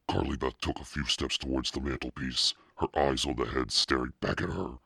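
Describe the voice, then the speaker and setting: A man with a very low, gravelly voice reads a children's book aloud in a casual way. He breaks off now and then to remark on the text. The sound is dry and close. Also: moderate pace, few pauses, pushed and bright, no echo. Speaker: reader.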